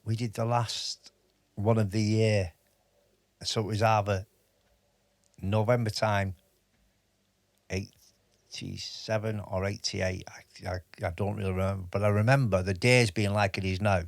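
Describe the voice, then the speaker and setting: A man's voice: on the low side, steady tone, creaky, no echo. A man in his fifties, an army veteran, telling stories in a casual interview. He often stops and restarts his sentences. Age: 50s. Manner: halting, with many restarts and fillers. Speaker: podcast guest, army veteran.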